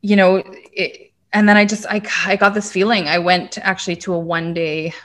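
A woman's voice: on the low side, flat delivery, normal speed, fairly bright tone. A woman in her thirties from Canada, a podcast guest and intuitive coach telling her own story in a chatty, casual way, swearing freely and saying "like" often.

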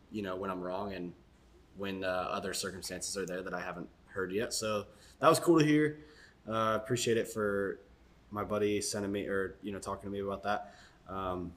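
A young man co-hosting a casual podcast tells a joke in a laid-back manner, with lots of fillers and chuckles. His voice is on the low side with a fairly bright tone.

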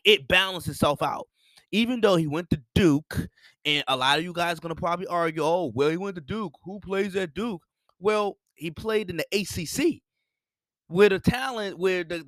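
A man's voice: fairly high pitch, a bit bright, dry recording, clean studio sound. A young man giving a casual, rambling sports opinion monologue, repeating himself for emphasis. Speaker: sports commentator.

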